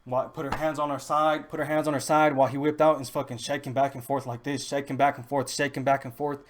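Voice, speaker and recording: A man's voice: medium pitch, little pitch movement, quick pace. A young man, telling rambling stories casually with lots of restarts and street slang. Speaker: podcast host. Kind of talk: casual storytelling.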